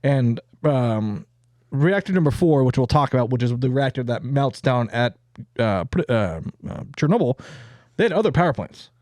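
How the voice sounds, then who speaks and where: A man's voice: mid-range voice, big pitch swings, normal speed, a little mellow, no echo. A man hosting a podcast, telling a history story in a joking, casual way with plenty of fillers. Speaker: podcast host.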